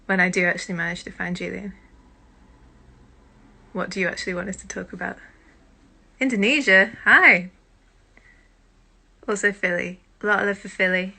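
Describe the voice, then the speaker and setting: A British woman hosting a casual live-stream chat on her phone, chatty and self-deprecating, with quiet muttered asides. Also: fairly low pitch, little pitch movement, fast talker, creaky, pauses often. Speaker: host.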